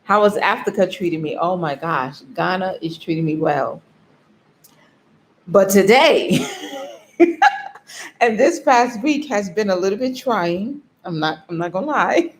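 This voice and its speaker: A woman's voice: medium pitch, animated, normal speed. A tired woman vlogger telling a story in casual chat, emotional and yawning, with frequent laughs. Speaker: vlogger on a live stream.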